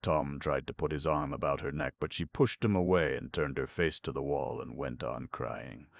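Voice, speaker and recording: A male audiobook narrator with an exceptionally deep voice and a gravelly, creaky texture. He tells the story at a measured pace. The recording is close and dry, with no room sound. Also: no room sound. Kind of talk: scripted narration.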